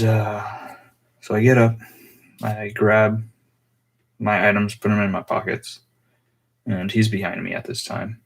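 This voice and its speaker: A young man telling a personal story on his vlog in a rambling, halting way full of fillers. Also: lowish voice, vocal fry. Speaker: vlogger.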